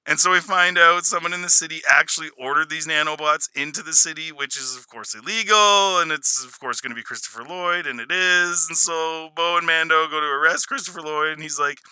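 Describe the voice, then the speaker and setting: A man reviews in a casual, sarcastic way, chuckling as he talks. His voice is very bright and crisp, a little higher than most men's. The sound is close and dry, with no room around it. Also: no echo, low-quality recording. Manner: sarcastic, laughing often, mocking with quick put-on voices. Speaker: video reviewer.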